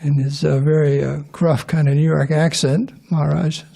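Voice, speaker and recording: A man's voice: fairly high pitch, level tone, normal speed, vocal fry, warm tone, slightly rough. A middle-aged man giving an informal scripture class to a live audience in a temple hall, rambling, restarting sentences and tossing questions to the listeners.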